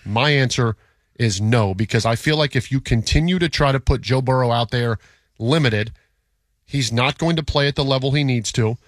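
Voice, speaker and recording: A male sports radio co-host debating his partner, emphatic and insistent, circling back to hammer a point home. His voice sits at a middle pitch and sounds close and dry in the studio. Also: no room sound. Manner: emphatic, repeats himself when pressing a point.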